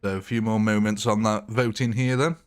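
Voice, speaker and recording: Low-voiced chatty man. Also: fairly even intonation, brisk, clean tone. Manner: chatty, rambling, jokey. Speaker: live-stream gamer host. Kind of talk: casual live-stream commentary.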